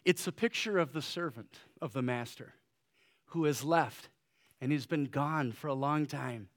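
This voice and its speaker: At a medium pitch and a slightly slow pace, a male pastor preaches, alternating urgent, loud calls to his listeners with gentle, quiet appeals. Conversational fillers run through his speech.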